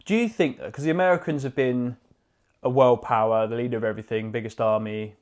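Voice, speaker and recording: Bloke co-hosting a podcast, jokey and a bit sweary, chatty. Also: male voice, medium pitch, fairly quick. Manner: jokey, sweary, acts out quoted voices. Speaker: podcast co-host. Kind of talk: casual chat.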